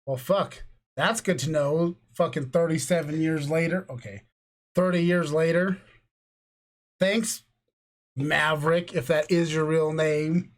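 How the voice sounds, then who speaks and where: A man's voice: a little high, fairly even intonation, measured pace, long pauses. A man in his thirties from New Mexico hosting a podcast, tipsy from drinking and ranting in a loose, profane, jokey way. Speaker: podcast host. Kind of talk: casual chat.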